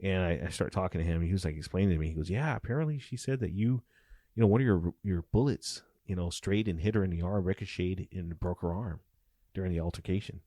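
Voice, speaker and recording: Middle-aged male ex-cop, very low voice, dry close sound, gritty profane storyteller, acts out the quotes. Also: fast, no echo. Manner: animated, profane storyteller acting out dialogue. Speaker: former police officer. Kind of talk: casual storytelling interview.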